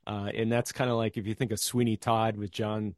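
A man's voice: fairly low pitch, flat delivery, a little fast, dry recording, studio quality. A man chatting as a podcast guest, telling anecdotes and acting out the quoted voices. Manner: storytelling, acts out quoted voices. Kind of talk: casual podcast chat.

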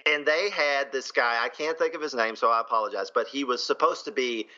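A man's voice: mid-range voice, brisk, highs cut off. A man co-hosting a podcast in casual chat, telling stories and laughing often. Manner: laughing, storytelling, animated. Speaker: podcast co-host.

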